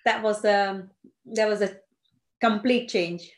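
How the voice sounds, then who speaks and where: A woman, a Gujarati speaker who tells her life story haltingly, with many fillers and restarts. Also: mid-range voice, fairly even intonation. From India (Gujarat). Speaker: interviewee. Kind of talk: personal storytelling. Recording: roomy echo.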